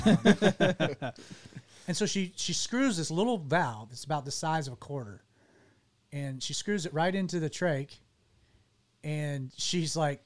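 Man, fairly high voice, guest recounting his own story; earnest, halting, restarts often. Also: lively intonation. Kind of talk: personal storytelling in conversation.

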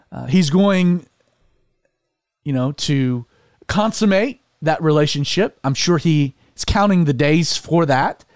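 A man hosting a casual religious discussion show, talking in an animated way with many fillers and restarts. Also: a little high, dry recording, studio quality. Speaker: podcast host.

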